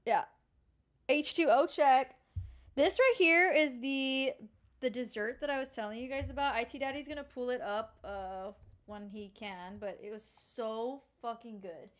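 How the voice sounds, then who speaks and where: A woman's voice: a little high, measured pace. A woman co-hosting a podcast, chatting in a playful, crude and teasing way. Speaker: podcast co-host. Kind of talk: casual podcast chat.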